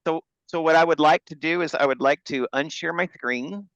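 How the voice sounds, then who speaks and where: A man's voice: on the high side, normal speed, fairly bright tone, no room sound. A man hosting a book launch on a video call, talking enthusiastically with fillers and restarts. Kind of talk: Zoom presentation. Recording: dull lo-fi video call audio.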